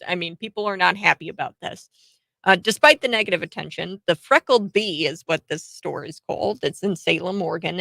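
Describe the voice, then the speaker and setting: A woman's voice: lowish voice, fairly bright tone, dry recording, poor audio. A woman hosting a commentary show, talking in a chatty, sarcastic way with many filler words and short laughs. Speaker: host. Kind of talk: political commentary.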